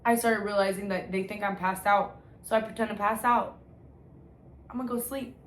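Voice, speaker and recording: This vlogger tells her own sobriety story directly to the camera, candid and slangy, cursing freely, restarting often, and saying "like" a lot. She has a mid-range voice with fairly even intonation and normal speed, with slight background noise.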